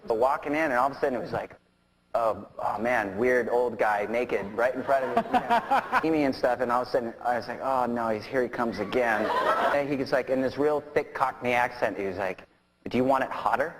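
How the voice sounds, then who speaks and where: A man's voice: mid-range voice, expressive, brisk, crowd noise. A man telling an anecdote in an amused, laughing way. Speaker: storytelling musician. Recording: distant noisy archive clip.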